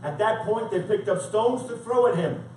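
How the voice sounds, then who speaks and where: A man's voice: high-pitched, lively intonation, moderate pace, darkish tone, a little hiss or hum. A man preaching a sermon, reading scripture dramatically and with emphasis. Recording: echoey room from far off, faint background.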